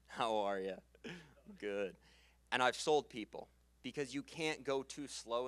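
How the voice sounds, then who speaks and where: A young man coaching a live seminar audience on sales, energetic and quick to laugh, and he closes his sentences on a falling pitch. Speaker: sales trainer. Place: conference room with live audience. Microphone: handheld stage mic.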